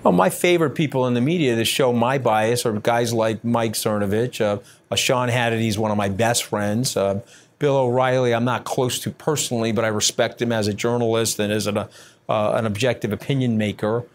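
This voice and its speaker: A man answering interview questions bluntly and combatively, brash and scathing, talking in quick bursts with many fillers. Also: medium pitch, steady tone. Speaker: interview guest.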